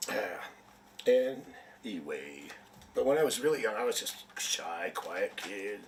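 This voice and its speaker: A man's voice: lowish voice, sing-song, measured pace, recorded from a distance, slight background noise. A man from Canada reading tarot on a live stream, chatty and rambling, with jokes, a sniffle and a headache. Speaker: tarot reader.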